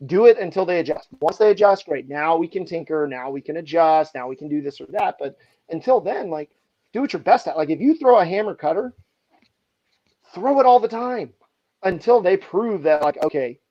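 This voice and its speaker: Man, slightly high voice, animated podcast storyteller, slightly muffled audio. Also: normal speed. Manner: animated anecdotes, heavy use of "like". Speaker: baseball pitching coach.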